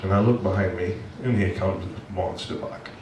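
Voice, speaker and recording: A male pastor preaches with earnest, emotional storytelling. His voice sits on the low side. The recording is roomy and distant, with a faint hum of the hall behind him. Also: fairly even intonation, moderate pace, darkish tone. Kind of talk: sermon. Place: church sanctuary. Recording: echoey church heard from afar.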